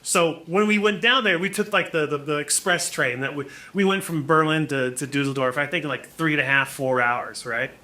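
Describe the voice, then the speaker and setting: Animated man in his forties, bright voice. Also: fairly high pitch, moderate pace, few pauses. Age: 40s. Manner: animated, acts out quotes, many restarts. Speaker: podcast guest, musician. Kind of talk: casual storytelling.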